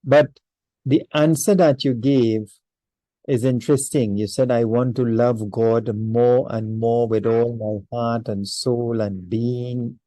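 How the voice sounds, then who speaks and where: A man hosting an interview, gently thanking his guest and asking a measured follow-up question. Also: mid-range voice, steady tone, dry recording, rough recording. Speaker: interview host.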